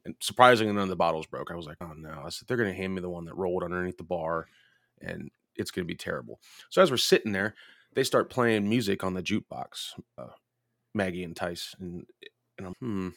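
A low-voiced man spins a long, rambling bar story in casual podcast chat, swearing freely. His voice is close and dry, with no room around it. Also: fairly quick, vocal fry, fairly bright tone, dry recording. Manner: profane, rambling anecdotes.

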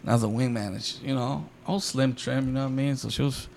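A young man tells a story on a casual podcast, heavy on slang and swearing, and he mimics the people he talks about. His voice has a gravelly edge. A faint hiss and some room sound run under it. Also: mid-range voice, fairly even intonation, fast, a little mellow. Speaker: podcast host.

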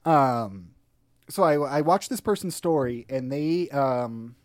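A man's voice: medium pitch, lively intonation, slow pace, darkish tone, no echo, studio quality. Laid-back joking man telling a story. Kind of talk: casual storytelling chat.

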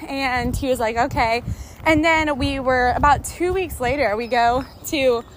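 A woman's voice: high voice, a little slow, a little hiss or hum. A young woman hosting a podcast in casual chat, a little out of breath while out walking her dog, chatty and bubbly with frequent laughs. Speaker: podcast host. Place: outdoors on a walk with a dog.

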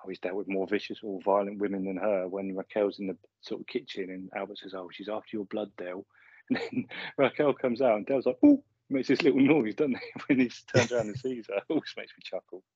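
Male podcast co-host, low-pitched, husky, chatty recapper, dry muffled recording. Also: fairly even intonation, fairly quick, darkish tone, no echo. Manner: chatty, chuckles often. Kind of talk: casual chat recapping a sitcom episode. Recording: slightly muffled lo-fi audio.

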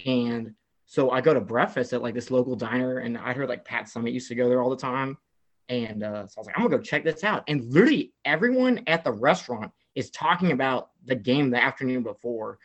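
Excitable young man telling a story. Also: medium pitch, a little fast. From American South. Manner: excitable storyteller, heavy "like" filler, acts out quotes. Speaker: guest telling a travel story. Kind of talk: casual chat.

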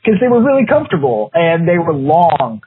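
50s guy rambling through a story, um and uh everywhere, kinda husky, sounds like it's over a phone line. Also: a little high, big pitch swings, brisk, dry recording. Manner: rambling, laughs often, many fillers. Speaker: podcast co-host. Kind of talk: casual storytelling chat. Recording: tinny phone-like podcast audio.

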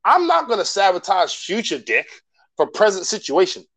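A man's voice: sits high, very animated, normal speed, fairly bright tone. A man co-hosting a podcast in a casual chat, laughing often and joking around. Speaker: podcast co-host.

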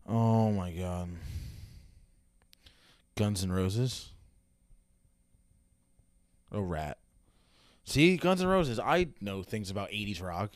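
A man's voice: on the low side, lively intonation, takes it slowly, pauses often, no echo. Young male reactor, snarky and foul-mouthed, rambly asides, dry close sound. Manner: sarcastic, heavy swearing, rambling asides. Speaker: reaction video host. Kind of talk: casual reaction commentary.

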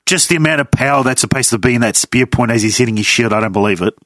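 A man's voice: mid-range voice, very fast, fairly bright tone, dry recording. Rambling man, dry sound. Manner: rambling, searches for words. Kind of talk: casual chat.

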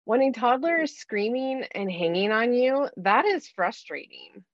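A woman's voice: on the high side, expressive, a little slow, no room sound, highs cut off. A woman giving earnest, coaching advice in a conversational talk, often acting out what to say to yourself.

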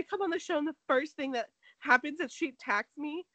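A woman with a high-pitched voice talks briskly as she co-hosts a casual gossip chat, noting that she's sick. Her storytelling is animated, with quotes acted out and "like" used heavily throughout. The recording is dry and rough.

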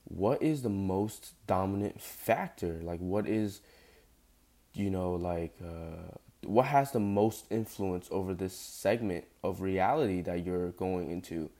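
A man's voice: low voice, takes it slowly, warm tone. A young man hosting a solo podcast who has just woken up and sounds groggy, rambling with many fillers and emphatic repetition. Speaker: podcast host. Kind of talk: casual solo podcast monologue.

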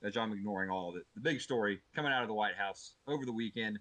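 Male comedy-podcast co-host, forceful, bright tone, dry close mic, mock outrage. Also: fairly low pitch, quick pace, no echo, low-quality recording. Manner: animated, profane, mock-outraged. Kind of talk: casual comedic chat.

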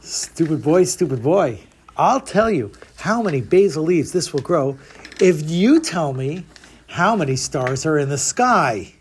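A man's voice: a little high, very animated, measured pace, slightly rough, heavily acted. A man voicing a bold, clever young girl. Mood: cheeky. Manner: cheeky, confident.

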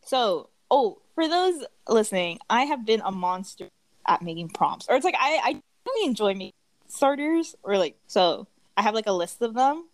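A woman's voice: fairly high pitch, big pitch swings, normal speed, dry recording. A young woman co-hosting a podcast, chatting casually and acting out customers in quoted voices, with lots of "like" fillers. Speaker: podcast co-host. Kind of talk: casual chat.

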